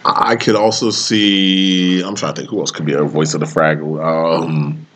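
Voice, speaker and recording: A man's voice: very deep voice, fairly even intonation, moderate pace, fairly bright tone. A man co-hosting a podcast in casual chat, laughing often and looking things up as he talks. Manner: laughs often, looks things up mid-talk. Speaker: podcast co-host.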